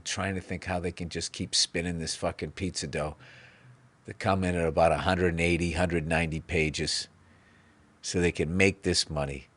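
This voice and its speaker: A man's voice: deep voice, a bit bright, no echo. A man hosting a podcast, ranting sarcastically with lots of swearing. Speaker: podcast host. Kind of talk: comedic rant.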